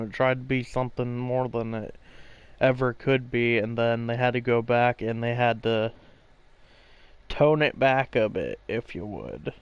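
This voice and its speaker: A man's voice: medium pitch, clear, resonant tone. A man casually narrating over his gameplay, rambling and a little tired, swearing now and then. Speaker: gaming channel host. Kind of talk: casual gameplay voiceover commentary.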